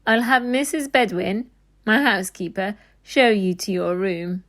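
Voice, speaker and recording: Woman reading a nice old gentleman, gentle and serious, slow. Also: mid-range voice. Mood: earnest. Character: kind elderly gentleman, grave and caring.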